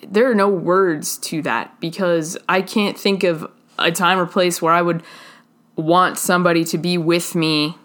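Female preacher, earnest and halting sermon delivery, lower-pitched voice. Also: fairly bright tone.

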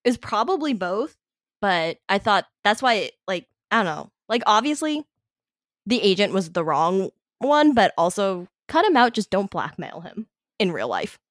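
A woman's voice: mid-range voice, sing-song, measured pace, no echo, studio quality. A young woman, a student, chatting casually about a book on a review podcast, talkative with hesitant asides.

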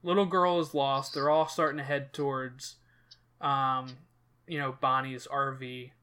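A man's voice: mid-range voice, flat delivery, a little slow, pushed and bright, smooth. A man hosting a casual podcast chat, retelling a movie plot in a rambling way full of fillers and restarts. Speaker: podcast host.

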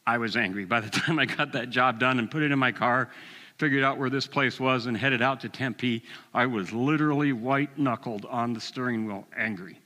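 Bright-voiced older man preaching in a hall. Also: medium pitch, moderate pace. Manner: animated storytelling, acts out voices with chuckles. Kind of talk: sermon with personal story.

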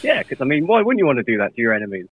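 A man's voice: medium pitch, huge pitch swings, very fast, husky, dry recording, low-quality recording. A British man in casual podcast chat who laughs often and talks easygoing.

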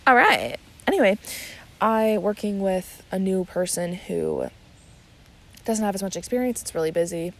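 A woman's voice: medium pitch, very animated, moderate pace, darkish tone. A young woman hosting a casual solo podcast, chatty and rambling, with many fillers and restarts. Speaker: podcast host.

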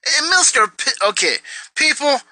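A man's voice: very high voice, big pitch swings, normal speed, pushed and bright, dry recording, pitched above the performer's own voice, full character voice, poor audio. A man mocking a whiny childish girlfriend. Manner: simpering, mocking baby talk.

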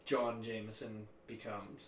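A man co-hosting a casual chat podcast, acting out quotes from movies in an animated way. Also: fairly low pitch, measured pace, a little hiss or hum. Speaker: podcast co-host. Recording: echoey room, far from mic.

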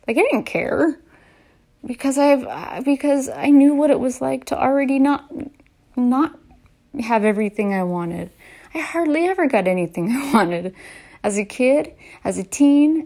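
A woman in her late thirties talking in a casual, heartfelt and rambling way as a vlogger, often laughing softly between restarts. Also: on the high side. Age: late 30s. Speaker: vlogger and podcaster. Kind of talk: casual heartfelt personal talk.

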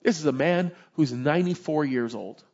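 A man's voice: medium pitch, normal speed, darkish tone, husky, highs cut off. A man preaching a sermon as pastor, impassioned and conversational, often asking his listeners to agree.

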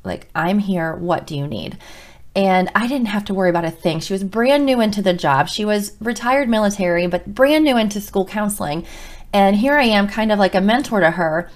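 A woman's voice: medium pitch, normal speed. A middle-aged woman, a school counselor, telling a heartfelt personal story with emotion and many restarts. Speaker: school counselor and podcast host.

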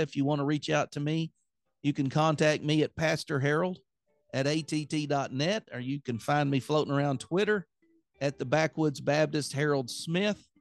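A man's voice: fairly high pitch, no room sound. A man with a Southern accent preaching an earnest, plain-spoken sermon on his podcast.

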